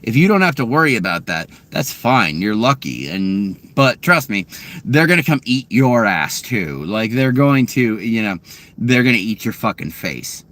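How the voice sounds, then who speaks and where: A man's voice: on the low side, very animated, normal speed. Profane, heated man ranting in a car. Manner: profane, heated, swings loud and quiet. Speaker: vlogger answering chat questions. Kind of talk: angry rant answering live chat.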